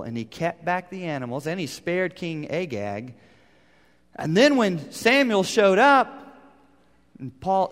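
A man preaching a sermon, asking rhetorical questions and swinging between loud, pressing lines and hushed ones. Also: high-pitched, in a large hall. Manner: dramatic shifts from loud to quiet, rhetorical questions. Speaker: pastor.

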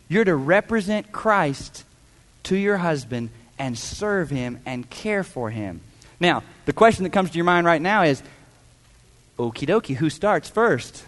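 A man's voice: high-pitched, big-room sound. A man preaching a sermon as pastor, emphatic, asking rhetorical questions and mimicking voices.

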